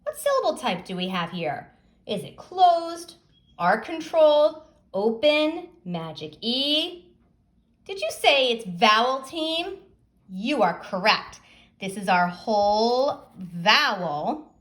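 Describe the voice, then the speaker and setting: Slow, lively-voiced woman teaching phonics. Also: fairly high pitch. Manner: slow, clearly sounded-out words, questions to young pupils. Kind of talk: phonics lesson.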